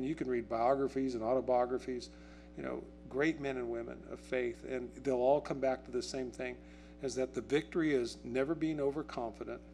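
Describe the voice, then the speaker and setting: A man preaching a sermon as a pastor. He talks conversationally, asks the congregation questions and acts out quotes in a raised, excited voice. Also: medium pitch, slight background noise. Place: church.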